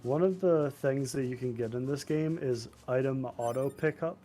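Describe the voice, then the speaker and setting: A man's voice: medium pitch, moderate pace, warm tone, slight background noise. A man chatting on a gaming stream, explaining things and laughing often. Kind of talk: casual gaming stream chat.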